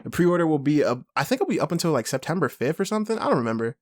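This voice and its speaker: A young man co-hosting a podcast, chatting excitably, laughing often and swearing a lot. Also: on the high side, rapid-fire. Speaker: podcast co-host. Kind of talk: casual chat.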